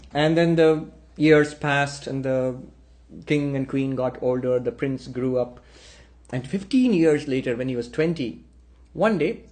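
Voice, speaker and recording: A man telling a spiritual story, animating the dialogue with lively voices. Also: a little high. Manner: animated storyteller acting out characters. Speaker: spiritual speaker. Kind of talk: storytelling talk.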